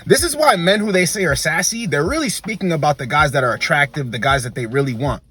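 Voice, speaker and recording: A man's voice: on the high side, lively intonation, quick pace, a bit bright. A man hosting a dating commentary video, delivering an emphatic, lecturing monologue that repeats its points. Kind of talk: opinionated monologue.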